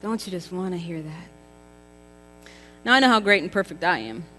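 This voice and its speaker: Female preacher, 30s, bright tone, chatty and emphatic, long hall reverb. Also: lowish voice, moderate pace. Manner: chatty and emphatic, with rhetorical questions to the congregation. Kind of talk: contemporary church sermon. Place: church sanctuary. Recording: reverberant church hall with faint music.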